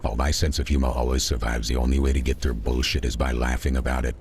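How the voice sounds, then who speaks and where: Very deep-voiced man rambling to stream chat. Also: little pitch movement, quick pace, a little mellow, a little hiss or hum. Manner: rambling, chatty, talks back to chat. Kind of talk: livestream gameplay commentary.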